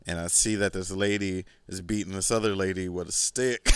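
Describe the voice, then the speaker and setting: A man's voice: deep voice, smooth, no echo, studio quality. A man hosting a podcast, telling a rambling, profane story in a casual, laid-back way. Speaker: podcast host.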